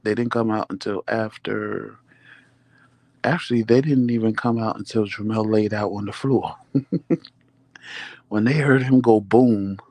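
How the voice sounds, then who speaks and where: A man with a lowish, slightly mellow voice, recorded with no room sound, hosts a vlog. He chats casually to viewers and dramatically acts out what people said.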